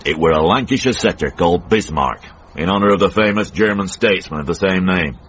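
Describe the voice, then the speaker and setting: An actor with a Northern English accent playing a cantankerous, grumbling old uncle in a radio drama. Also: male voice, low-pitched, lively intonation, a little fast, fairly bright tone, a little hiss or hum. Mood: reminiscing. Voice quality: husky, grumbling. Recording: muffled radio broadcast.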